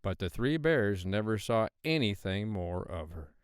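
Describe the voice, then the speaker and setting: A man reads a children's tale aloud with a low voice that swoops up and down expressively. The sound is close and dry, with no room around it. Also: unhurried, clear, resonant tone, dry recording. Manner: expressive, sing-song storytelling. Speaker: storyteller. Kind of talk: storybook narration.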